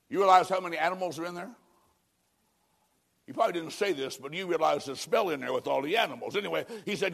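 High-voiced preacher swinging loud and hushed. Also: male voice, fast talker, vocal fry. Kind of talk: sermon.

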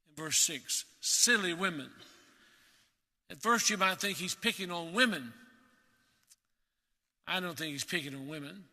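A man preaching a sermon in a measured, emphatic way, repeating key words for weight. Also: sits high, bright, forceful tone, long reverb tail.

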